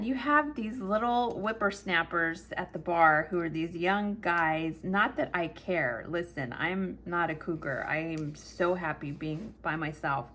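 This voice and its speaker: Brief: middle-aged woman vlogger, lower pitch, chatty and animated, casual storytelling, faint hiss behind. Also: unhurried, few pauses. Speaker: planner vlogger.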